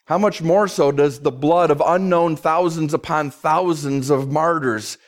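A man preaching an expository sermon in a conversational, emphatic way, slowing down to stress key words and briefly voicing quoted speakers. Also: on the high side, fairly even intonation. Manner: voices God and others in quick asides. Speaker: pastor.

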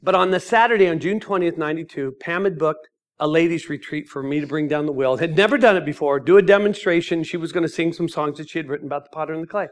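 High-voiced man telling his testimony. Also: quick pace. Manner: animated, acts out the people in his story. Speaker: ministry founder giving his testimony. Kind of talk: storytelling testimony.

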